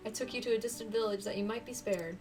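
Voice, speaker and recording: A woman voicing a tender, sorrowful dying mother in a video game, speaking softly and slowly. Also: medium pitch, recorded from a distance, soft background music, lightly acted.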